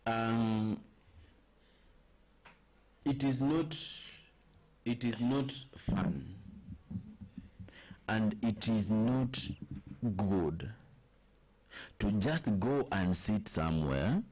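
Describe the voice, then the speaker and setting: A man with a Kenyan accent co-hosts a casual political chat. He speaks slowly and deliberately in a fairly low voice. He often backs up the others with short murmurs. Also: a little mellow.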